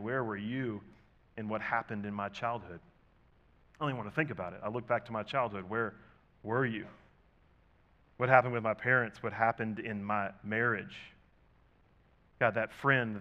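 Man preaching a lively, conversational sermon. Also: lowish voice, highs cut off. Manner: conversational preaching, rhetorical questions, dynamic swings in volume. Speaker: pastor.

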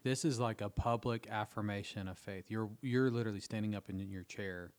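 A man with a somewhat low voice hosts a relaxed conversation about faith. He drops in short affirmations and then works his own reflections into the talk. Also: a little fast. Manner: affirming, with frequent short backchannels. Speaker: podcast host. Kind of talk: casual interview chat.

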